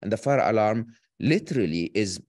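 A man speaking as a guest who explains ideas in an animated way and often checks in with "okay?" and "right?". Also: fairly low pitch, normal speed, no room sound, studio quality. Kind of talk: explaining ideas in an online talk.

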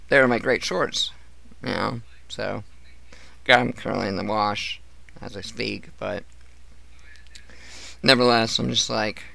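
A man's voice: lowish voice, gravelly, pushed and bright. A man streaming a casual chat, telling stories in a profane, ranting way and acting out the people in them. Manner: profane, ranting storyteller who acts out coworkers.

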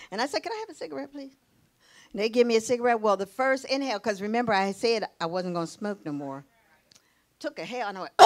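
Woman, preacher, high pitch, sermon, storytelling, laughing, exclamations. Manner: lively storytelling with laughs and sudden rising exclamations. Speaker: pastor.

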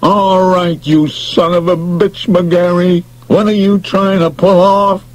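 A man putting on a shrill, exasperated team owner. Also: flat delivery, slow, no room sound, low-quality recording. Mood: indignant. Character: nervous blustering male baseball team owner. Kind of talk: audiobook character voice.

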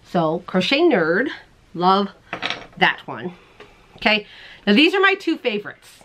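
A woman hosting a crochet show, chatting casually to the camera in a bubbly way, laughing often and putting on silly squeaky voices. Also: very animated, slow, fairly bright tone. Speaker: crochet podcast host.

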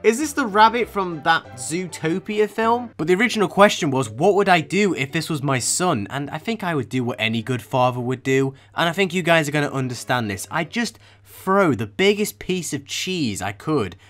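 A man's voice: a little high, expressive, normal speed, hardly any pauses, a bit bright, soft background music. A young man hosting a comedic reaction video, incredulous and sarcastic, breaking into laughter often. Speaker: YouTube reaction host.

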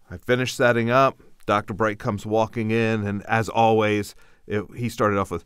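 Give me an older man co-hosting a podcast, an animated storyteller with a dry studio sound. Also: lowish voice, moderate pace, clean tone, no room sound. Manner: animated anecdotal storyteller, acts out quotes. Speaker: podcast co-host. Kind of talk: casual storytelling chat.

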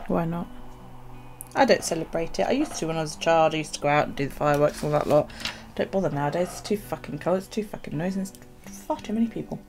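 A woman's voice: deep voice, fast talker, darkish tone, faint music behind. A middle-aged woman, a journaling vlogger, telling stories in a casual, chatty way and swearing freely. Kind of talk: casual chat.

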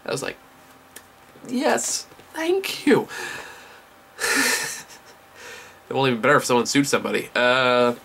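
A man's voice: mid-range voice, steady tone, a little fast, creaky, long pauses, sharp tone, slight background noise. A young man giving a casual vlog movie review, enthusiastic and rambling, swearing often.

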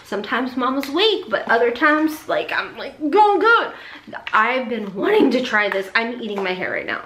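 A woman chatting excitedly through a beauty box unboxing, gushing and addressing viewers as y'all. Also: a little high, moderate pace, reverberant, a little hiss or hum. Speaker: beauty vlogger. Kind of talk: casual unboxing chat.

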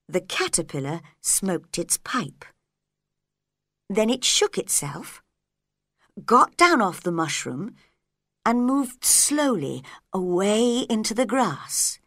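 Slow, careful woman storyteller. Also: medium pitch, sing-song, a bit bright, no echo, studio quality. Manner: clear and careful. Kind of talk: slow story reading for English learners.

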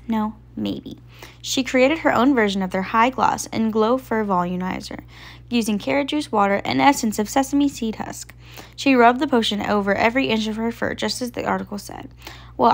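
A woman reading a children's picture book aloud in a gentle, expressive way. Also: a little high, brisk, gravelly. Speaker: storybook reader.

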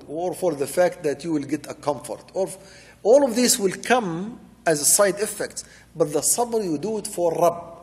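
Warm-voiced man preaching in a reverberant hall. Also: on the high side. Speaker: sheikh teaching Quran commentary. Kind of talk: religious lecture explaining verses.

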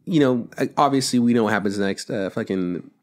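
A man's voice: lowish voice, a little fast. A man co-hosting a podcast, rambling casually about a film he watched, and swearing a lot as he retells the scenes. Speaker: podcast co-host.

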